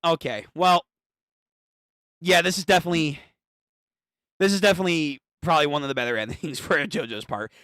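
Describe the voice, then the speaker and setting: A young streamer reacting live to a manga, excitable and profane, often stammering and repeating words. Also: mid-range voice, brisk, pauses often, no room sound, studio quality. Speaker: streamer reading a manga aloud.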